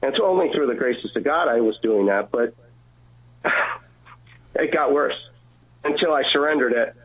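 A man calling in by phone, earnestly telling a personal faith story with halting restarts and acted-out dialogue. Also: medium pitch, animated. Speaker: guest caller. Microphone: phone line. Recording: tinny phone line.

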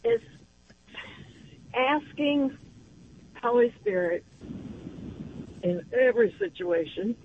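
A woman in her seventies calling in to a radio show, who talks slowly and reflectively. She comes through on a dull, muffled line with faint noise behind her. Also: mid-range voice. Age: 70s. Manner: slow and reflective. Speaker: caller. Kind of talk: phone call-in.

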